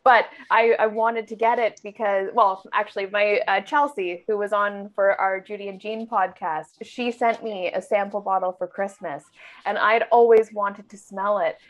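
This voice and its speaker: A woman co-hosts a podcast, chatting casually with lots of giggles and filler words. Her medium-pitched voice keeps a fairly even intonation at normal speed, and the recording has a dull, lo-fi quality.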